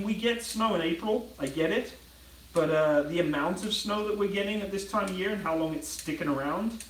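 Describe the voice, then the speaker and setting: British man, slightly high voice, rambling livestream chat, cooking at home, mic a bit far off in an echoey room. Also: slight background noise. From Britain. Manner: rambling, chatty, reads viewer comments aloud. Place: home kitchen.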